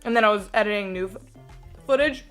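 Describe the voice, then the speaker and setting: A woman's voice: mid-range voice, quick pace, a bit bright, soft background music. A young woman vlogging in a casual, chatty way, leaning on "like" a lot, first at home and later at a gym. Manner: chatty, bubbly, says "like" often. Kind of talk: casual vlog chat.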